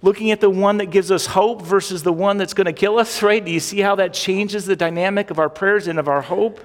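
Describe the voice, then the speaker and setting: A man preaching a sermon as pastor, animated and emphatic, with many rhetorical questions. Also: high voice, a little fast. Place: church sanctuary. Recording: long hall reverb.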